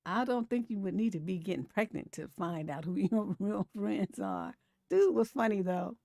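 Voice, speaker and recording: A woman's voice: medium pitch, moderate pace, no echo, studio quality. A woman over forty hosting a live stream, chatting casually about memes and posts and laughing often. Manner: chatty and animated, laughs often, reads comments aloud. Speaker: relationship coach and live-stream host.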